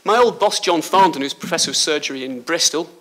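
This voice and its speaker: A man from Liverpool with a slight Liverpool accent gives a school talk as a surgeon, chatty and joking with the pupils. His voice sits a bit high for a man and sounds bright and forceful. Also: fast talker. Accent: Liverpool English. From Liverpool, England. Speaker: guest speaker, surgeon. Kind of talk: school speech. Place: school hall.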